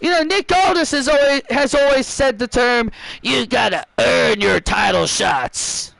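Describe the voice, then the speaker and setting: A man's voice: very high-pitched, measured pace, vocal fry, a bit bright, dry recording, exaggerated voice, poor audio. A man voicing an arrogant female wrestling champion who dismisses and scolds her challenger. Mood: scornful. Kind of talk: voicing wrestlers over a video game.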